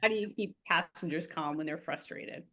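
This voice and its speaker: A woman hosts a casual interview at a quick pace. Her voice sits somewhat low, and her questions ramble, full of fillers. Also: bright, forceful tone. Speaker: host.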